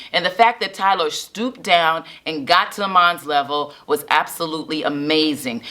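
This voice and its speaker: Woman host, low-pitched but bright, upbeat and preacherly, coaching parents. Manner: enthusiastic, preacherly, asks rhetorical questions. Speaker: parenting and family specialist, host. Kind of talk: casual video talk to camera.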